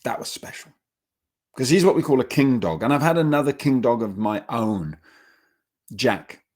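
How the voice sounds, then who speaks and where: A man giving a dog training webinar, telling stories with lively acted quotes and getting emotional at times. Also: mid-range voice, moderate pace. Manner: animated storytelling, acts out dogs in quotes. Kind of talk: webinar talk.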